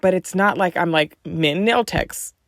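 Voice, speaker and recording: A woman's voice: fairly low pitch, unhurried, dry recording. Woman podcast host, casual and talkative, filler-heavy storyteller, slightly fried voice, dry sound. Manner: chatty storyteller, many "like" fillers, animated retellings. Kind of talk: casual chat.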